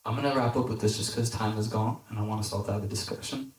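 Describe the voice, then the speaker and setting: A man's voice: on the low side, quick pace. A young man giving a casual youth sermon, talking conversationally with lots of "like" and acting out the characters in his stories. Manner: conversational, lots of "like", animated when quoting characters. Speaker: deacon preacher at youth group. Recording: echoey hall, mic at a distance.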